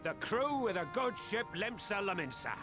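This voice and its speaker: An actor playing a gruff, proud old pirate captain in a game cutscene, speaking in a rough pirate brogue. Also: male voice, sits high, big pitch swings, moderate pace. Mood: scolding. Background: game music.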